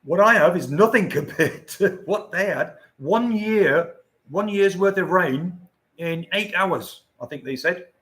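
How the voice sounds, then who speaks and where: A man's voice: high-pitched, expressive, unhurried, a bit bright. An older man hosting a casual livestream, chatting to viewers in a rambling way and chuckling often. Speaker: livestream host. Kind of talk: casual live-stream chat.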